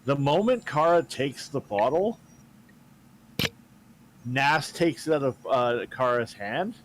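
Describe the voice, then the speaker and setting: Man, tabletop player, matter-of-fact, middle pitch. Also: animated, slow, background noise. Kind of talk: casual tabletop game play.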